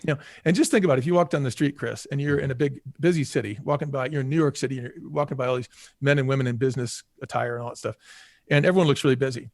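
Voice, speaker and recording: A man's voice: medium pitch, racing, dry recording, studio quality. A man from the United States, a podcast guest and former restaurant executive, talking casually with many "you know" fillers and acting out quotes. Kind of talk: casual conversational interview.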